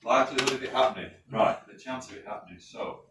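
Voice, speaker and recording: Northern english bloke lecturing a class, keeps asking "right?", faint hiss in the background. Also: male voice, medium pitch, fast talker. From North of England. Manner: chatty, asks the class questions and checks in with "right?". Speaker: safety course instructor. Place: training classroom. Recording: roomy, distant mic with faint noise.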